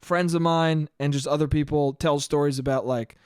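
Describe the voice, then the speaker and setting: A man's voice: a little high, fairly even intonation, normal speed, a little mellow, clear, resonant tone, no echo, clean studio sound. A young man hosting his own podcast, talking casually in a rambling, profane monologue and laughing often. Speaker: podcast host.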